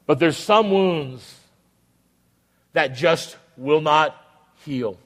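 A man preaches from the pulpit in a high, carrying voice. He leans on repetition and dramatic pauses and slips into the voices of the people in his story. The sound trails off into the long reverb of a church sanctuary. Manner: acts out quoted voices of biblical figures. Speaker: pastor. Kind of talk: sermon.

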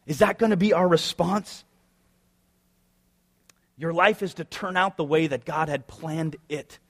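A man's voice: fairly high pitch, fairly even intonation, measured pace. A man preaching a sermon as pastor, conversational and wry, firing off rhetorical questions.

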